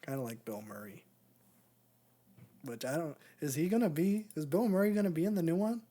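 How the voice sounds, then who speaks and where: This man's voice is a little high, expressive and warm, moving along fairly quickly. Co-hosting a podcast, he drifts from topic to topic in casual banter, joking and laughing a lot.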